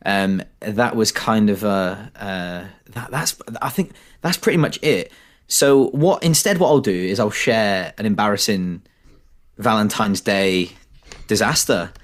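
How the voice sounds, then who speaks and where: Low-voiced young British man, chatty. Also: unhurried. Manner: chatty, self-deprecating storytelling. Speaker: podcast co-host. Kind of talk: casual chat.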